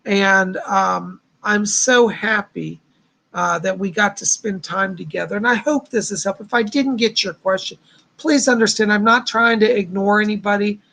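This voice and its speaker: A man's voice: sits high, normal speed, creaky, sharp tone. A man hosting a live stream of psychic readings, talking in a chatty, reassuring way with a somewhat strained voice. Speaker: psychic host.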